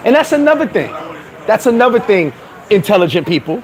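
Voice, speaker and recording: A man with a notably high speaking voice delivers a casual vlog rant from outdoors in a town. He talks emphatically, telling animated stories to his viewers. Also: fast talker, a faint crowd, rough recording. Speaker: vlogger.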